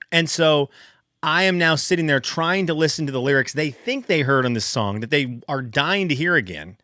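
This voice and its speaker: Male podcast host, 30s, casual storyteller: bright, forceful voice, animated and exasperated, dry close sound. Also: dry recording. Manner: animated, exasperated, jumps high in pitch for emphasis.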